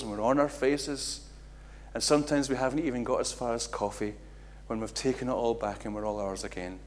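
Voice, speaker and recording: A middle-aged man preaching a sermon, acting out quotes with big jumps in loudness and pitch. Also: a little fast. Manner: animated, acts out quotes with big swings in loudness.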